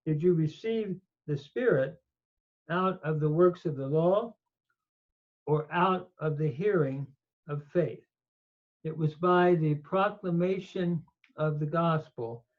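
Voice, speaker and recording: Guy slowly walking through greek verb forms, kinda muffled lo-fi audio. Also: fairly high pitch. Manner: slow, methodical explanation with fillers. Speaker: Bible teacher. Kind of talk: Greek grammar lesson.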